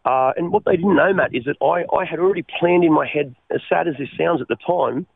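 An Australian man telling his life story as a radio guest, halting and repeating words as he speaks. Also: on the high side, vocal fry, husky, no room sound. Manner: halting, repeats words, calls the host mate. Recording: tinny phone line.

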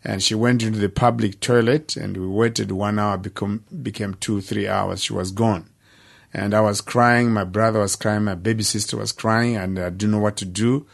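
An older man, giving an earnest personal testimony in plain, measured storytelling. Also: on the low side, gravelly. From Zimbabwe. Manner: earnest, plain-spoken storytelling with dramatic pauses. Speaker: speaker sharing his life story.

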